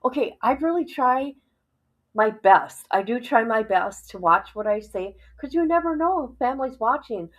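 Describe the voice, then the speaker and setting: Woman livestream host, slightly high voice, casual reaction commentary full of exclamations. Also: expressive, normal speed, rough recording. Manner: exclaiming, laughing in disbelief.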